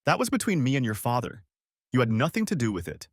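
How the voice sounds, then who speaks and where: A man's voice: medium pitch, big pitch swings, quick pace, no room sound, studio quality. A man doing an angry, scolding mother. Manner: scolding, indignant. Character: bitter angry middle-aged mother.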